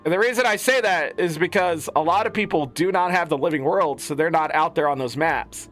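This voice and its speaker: A man's voice: on the high side, a little fast, fairly bright tone, faint music behind. A man giving a casual, profane, exasperated gaming rant as a content creator.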